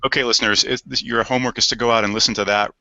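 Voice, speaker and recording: A man's voice: mid-range voice, fairly even intonation, rapid-fire, gravelly, pushed and bright, no echo, lo-fi sound. A man moderating an online panel, asking friendly, conversational follow-up questions. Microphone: video call.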